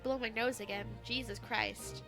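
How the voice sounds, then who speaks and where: A woman's voice: on the high side, fairly even intonation, moderate pace, over music. Wry woman with a stuffy cold. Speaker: let's play narrator. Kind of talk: casual aside while reading a game.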